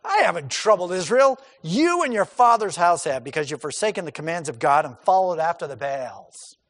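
A man's voice: fairly high pitch, sing-song, moderate pace, fairly bright tone. A man voicing a bold, defiant male prophet who speaks bluntly and mocks his opponents, quoted inside a sermon. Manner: blunt, mocking, emphatic. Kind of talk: acted quotation within a sermon. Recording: long hall reverb.

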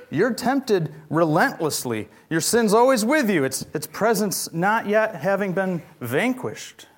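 Earnest preacher man with a high voice. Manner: earnest, pleading rhetorical questions. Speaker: pastor. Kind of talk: sermon. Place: church.

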